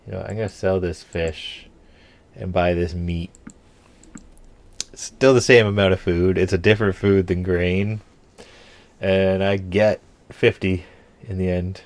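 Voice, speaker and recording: Deep-voiced man musing over gameplay. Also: little pitch movement, measured pace, long pauses. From Canada. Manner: thinks aloud, muttering half to himself. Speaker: gameplay streamer. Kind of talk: casual let's-play commentary.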